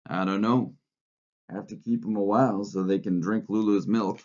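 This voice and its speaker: Guy playing a matter-of-fact dignified driver, low voice, lo-fi. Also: steady tone, normal speed, darkish tone, lightly acted. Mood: calm. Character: calm, dignified male mule driver. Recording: lo-fi recording.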